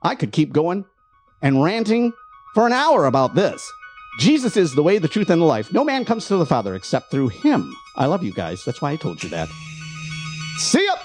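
A man's voice: fairly high pitch, sing-song, a little fast, soft background music. A man hosting a show, delivering a fervent, preachy political rant full of frustration. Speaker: host.

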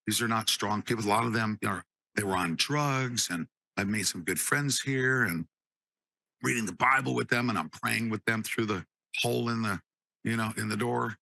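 A man giving an emotional personal testimony, halting and repeating words, at times choked up. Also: fairly low pitch, creaky, pushed and bright, no echo.

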